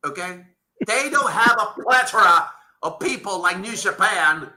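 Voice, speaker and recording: A man's voice: high-pitched, lively intonation, measured pace, sharp tone. A man hosting a wrestling talk show, ranting heatedly and swearing often. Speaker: podcast host.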